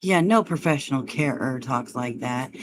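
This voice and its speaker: A woman's voice: extremely low pitch, normal speed, noisy background. A woman hosting a livestream, taunting and cursing at a guest in a heated argument. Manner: taunting, profane, mocking. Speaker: livestream host.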